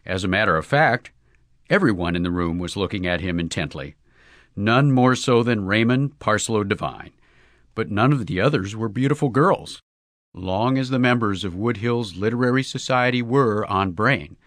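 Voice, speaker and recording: A man narrating a comic story as an audiobook, in a wry, measured way. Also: lowish voice, fairly bright tone, no room sound.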